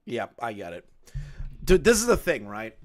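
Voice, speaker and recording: A man's voice: medium pitch, wildly swooping pitch, moderate pace. A man commenting casually on a clip and telling stories, loose and profane, laughing often. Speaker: commentary streamer.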